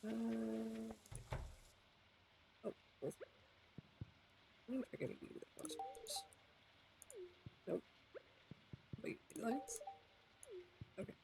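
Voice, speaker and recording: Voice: mid-range voice, wildly swooping pitch, slow, creaky, pauses often, background noise. A game streamer giving live commentary, muttering to themself while playing and now and then talking to chat.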